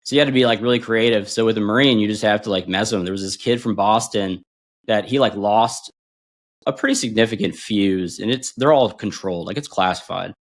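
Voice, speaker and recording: A man in his forties, a podcast guest and former bomb disposal instructor, telling stories in a casual, animated way and acting out quotes. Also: fairly quick. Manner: animated, acts out quotes with big pitch jumps and laughs. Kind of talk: casual storytelling.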